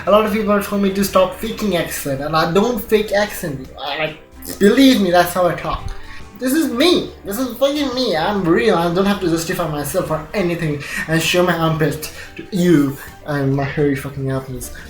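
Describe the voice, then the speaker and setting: A young Indian man with a slightly high voice, rambling and laughing as he vlogs from home. He curses casually and jumps between jokes. The room is echoey, with faint music underneath. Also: normal speed. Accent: Indian English with British-leaning vowels. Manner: laughs often, swears casually, jumpy joking asides. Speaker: gaming channel vlogger. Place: home room, recording near a window.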